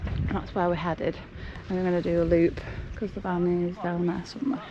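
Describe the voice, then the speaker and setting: A woman's voice: lowish voice, flat delivery, brisk, highs cut off, background noise. A woman vlogging outdoors on a hillside walk, chatty and out of breath, often laughing. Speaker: travel vlogger. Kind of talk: casual walking vlog narration.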